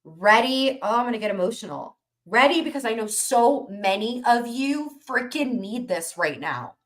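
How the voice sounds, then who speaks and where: An energetic woman coach speaking live to her audience with a somewhat high voice. She talks emphatically, building rhythm by repeating her phrases, pushing her listeners to think differently. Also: moderate pace. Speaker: business coach hosting a live workshop. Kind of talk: motivational live stream.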